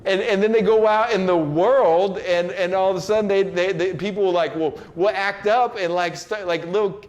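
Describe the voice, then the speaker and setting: A man's voice: high voice, moderate pace, a little mellow. A man giving a casual motivational talk, loose and slangy with many fillers and restarts, now and then acting out other people's lines. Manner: acts out quoted people in changed voices. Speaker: host giving a motivational message.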